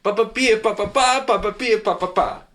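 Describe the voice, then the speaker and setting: A pompous, grandiose football manager rattles on in choppy broken English with an exaggerated Portuguese accent, as a man puts him on. The voice sits fairly high and bounces around. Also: normal speed, fairly bright tone. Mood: boastful. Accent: mock Portuguese-accented English.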